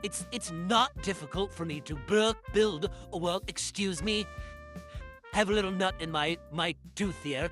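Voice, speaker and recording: A man's voice: sits high, normal speed, fairly bright tone, faint music behind. A man playing a vain, pompous bestselling novelist in a comedic mock interview, boastful and easily offended. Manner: boastful, indignant, self-important.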